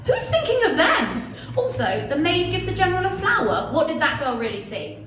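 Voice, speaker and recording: A woman's voice: very high voice, wildly swooping pitch, moderate pace, distant mic. A woman in her twenties doing a chatty, self-mocking stand-up comedy set on a club stage, often asking the crowd "right?". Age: 20s. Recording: echoey club mic heard from afar, audience noise. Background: audience laughter.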